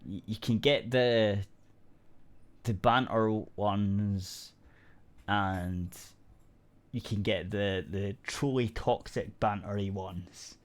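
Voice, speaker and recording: A man with a fairly low voice chats casually on a podcast. He rambles through a gaming story, often restarting his sentences and dropping casual swear words. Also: fairly even intonation, slow. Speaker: podcast co-host. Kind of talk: casual chat.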